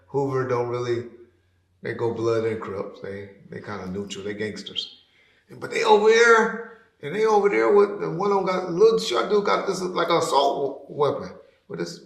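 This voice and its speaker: A man telling a story in casual talk, animated, who acts out the people he quotes with sudden loud, high bursts. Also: normal speed, vocal fry. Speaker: podcast guest telling a story. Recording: roomy echo.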